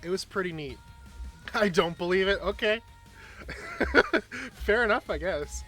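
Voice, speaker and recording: A man's voice: sits high, lively intonation, slow, sharp tone, faint music behind. A man streamer chatting casually while he plays, rambling and self-deprecating. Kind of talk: casual chat while gaming.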